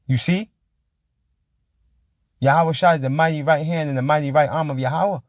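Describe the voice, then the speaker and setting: A man's voice: on the high side, fairly even intonation, no echo, studio quality. Emphatic man preaching a sermon. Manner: emphatic, keeps asking "you see?" and saying "man"; reads scripture slowly and forcefully. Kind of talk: street-style sermon with scripture reading.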